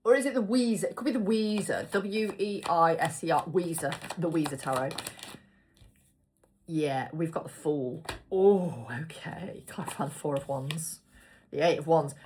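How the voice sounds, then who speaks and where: Woman, low voice, casual tarot reader, chatty and wandering. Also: slight background noise. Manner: chatty, rambling asides, talks to herself while picking cards. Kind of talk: casual tarot reading to viewers.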